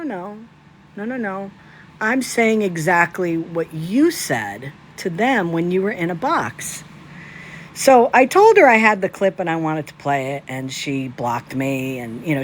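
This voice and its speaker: A woman's voice: lowish voice, slight background noise. A woman ranting in casual commentary on a phone livestream, indignant and piling up rhetorical questions.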